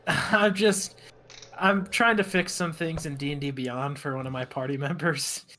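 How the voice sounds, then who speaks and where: A man's voice: a little high, steady tone, measured pace, pushed and bright. A man, a player in a tabletop game, complaining casually and with exasperation. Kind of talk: casual chat.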